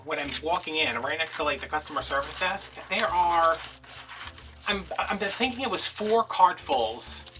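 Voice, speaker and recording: A man's voice: a little high, sharp tone, far from the mic. A man from Louisiana, chatting through a rambling, sarcastic story in a casual vlog. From Louisiana, USA. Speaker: crafting vlogger.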